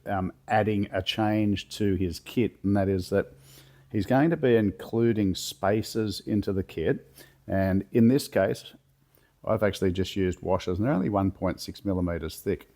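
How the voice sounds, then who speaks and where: Hoarse low-voiced man in a garage. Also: normal speed. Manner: relaxed, plain-spoken, talks through each task. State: hoarse from a cold. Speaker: workshop builder demonstrating a chassis rebuild. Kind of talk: casual step-by-step how-to explanation. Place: home garage workshop.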